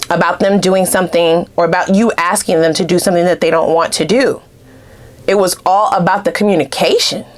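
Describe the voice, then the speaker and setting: A woman giving a casual tarot reading to her viewers, animated and blunt, swearing freely and laughing often. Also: on the low side. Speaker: tarot reader.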